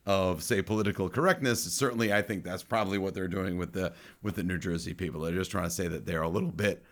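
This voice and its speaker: A man's voice: deep voice, fast talker. Chatty male podcast host telling a story. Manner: chatty storyteller, jokey asides. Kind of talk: casual chat.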